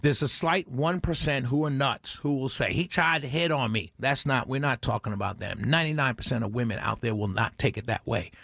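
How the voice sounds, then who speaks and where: A man's voice: medium pitch, a little fast, creaky, hardly any pauses, a bit bright, no echo, clean studio sound. A man hosting a talk radio show, preaching in a monologue full of rhetorical questions and repeated phrases. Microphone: studio microphone.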